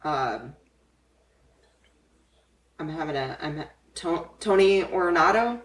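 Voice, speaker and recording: A woman's voice: low voice, animated, slow pace, distant mic. Woman podcast co-host, blunt and heated, profanity-laden political chat, roomy room away from the mic.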